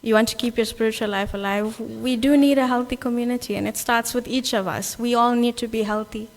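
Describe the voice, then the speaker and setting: A South African woman preaches at a Sunday gathering in a fairly high voice. She talks earnestly and conversationally, often tagging "right?" onto her points. The long reverb of a large temple hall trails behind her words. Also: steady tone, brisk. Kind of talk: sermon.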